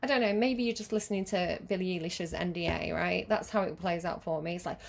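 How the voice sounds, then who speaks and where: A woman's voice: on the low side, fairly quick, gravelly. A woman giving a casual tarot reading, chatty and giggly, rambling with lots of fillers. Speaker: tarot reader.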